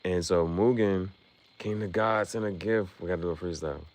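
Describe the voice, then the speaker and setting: Very deep-voiced man recapping an anime. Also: brisk. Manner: loose and chatty, full of fillers and restarts. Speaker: anime reaction streamer. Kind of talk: casual rambling episode recap.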